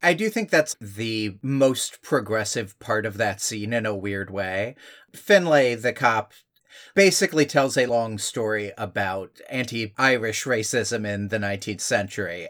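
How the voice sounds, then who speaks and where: A man's voice: on the low side, a bit bright. A man co-hosting a podcast, recounting a film's story in casual discussion, thoughtful and searching for words. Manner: thoughtful, hesitant explaining with fillers. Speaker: podcast co-host.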